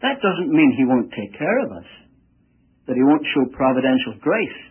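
Male preacher, emphatic and animated, husky voice, tinny radio sermon. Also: medium pitch, normal speed. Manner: emphatic, punches key words, illustrates with family stories. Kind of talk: sermon with audience questions.

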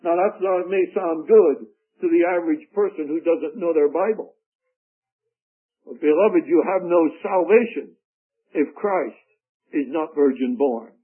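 Slow emphatic preacher on tinny radio. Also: male voice, on the high side, breathy edge. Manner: emphatic, slow and deliberate with dramatic pauses. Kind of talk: radio sermon.

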